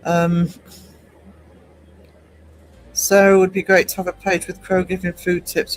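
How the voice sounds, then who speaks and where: A man hosts a relaxed livestream in an unhurried, easygoing way. His voice sits noticeably high for a man, and he rambles from one thought to the next. He chuckles often as he reads viewers' comments aloud, with faint music playing behind him. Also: rough recording. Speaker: livestream host. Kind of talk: casual livestream chat.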